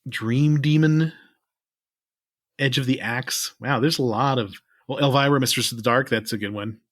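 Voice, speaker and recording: A man co-hosting a podcast chats casually in a rambling, laid-back way, letting his lines trail off. His voice is medium-pitched and moves at a normal speed. The recording is dry and clean, with a studio sound.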